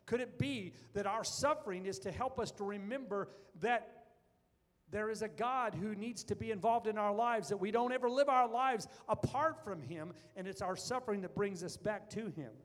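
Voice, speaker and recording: A man's voice: high-pitched, moderate pace. A man preaching a sermon as pastor, earnest and building to fervent emphasis. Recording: long reverb of a large hall.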